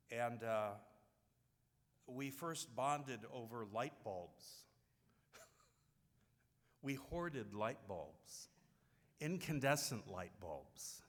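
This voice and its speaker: A man's voice: medium pitch, expressive, slow, pauses often, a bit bright, big-room sound. A man giving a heartfelt sermon, telling stories with frequent restarts. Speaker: pastor.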